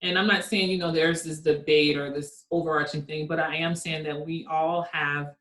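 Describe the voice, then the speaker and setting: A woman guest speaking in an earnest, reflective way over a video call, laughing softly now and then. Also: low-pitched, fairly even intonation, normal speed. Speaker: guest, kindness network founder. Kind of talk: conversational interview. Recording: echoey room sound.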